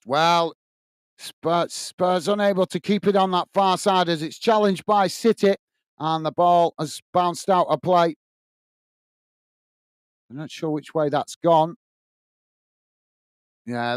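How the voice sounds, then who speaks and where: A man's voice: high voice, takes it slowly, long pauses, clear, resonant tone, no room sound. A man hosting a live match watch-along, calling the play step by step and thanking viewers by name between moves. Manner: calls the action steadily, blow by blow. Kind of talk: live play-by-play commentary with chat shout-outs.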